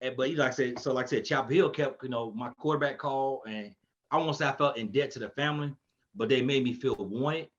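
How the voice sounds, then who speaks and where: Man, podcast guest, animated storyteller, medium pitch, dull lo-fi sound. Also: quick pace, a little hiss or hum. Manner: animated, acts out quotes in a raised voice. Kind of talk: casual storytelling chat.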